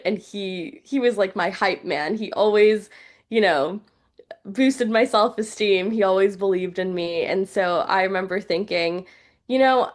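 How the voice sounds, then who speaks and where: A woman's voice: medium pitch, unhurried. Brief: young woman guest, open and chatty, conversational podcast delivery. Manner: chatty, heartfelt, many fillers like "like". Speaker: journalist and news reporter guest.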